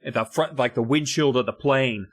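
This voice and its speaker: A man's voice: medium pitch, moderate pace. A man casually and sarcastically recapping a children's book on a podcast, swearing often. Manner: profane, animated, sarcastic retelling. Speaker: podcast co-host.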